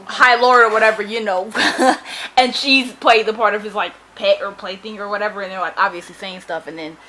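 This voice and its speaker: A young woman recapping a novel in an excited reading vlog, gushing and dramatic, breaking into screams and laughs between run-on summaries. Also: mid-range voice, fairly quick, a little hiss or hum, poor audio. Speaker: book vlogger.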